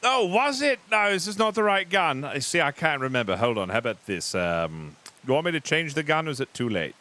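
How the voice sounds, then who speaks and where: Brief: teasing, rambling man in a roleplay, bright voice with lively pitch, faint music behind. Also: a little fast, a little hiss or hum. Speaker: roleplay player as a captain character. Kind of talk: in-character roleplay chat.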